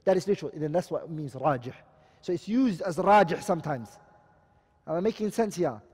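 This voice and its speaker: A man's voice: sits high, a little mellow, long reverb tail. A man teaching a class, explaining terms and asking his students questions as he goes. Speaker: Islamic studies teacher. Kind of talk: classroom lecture.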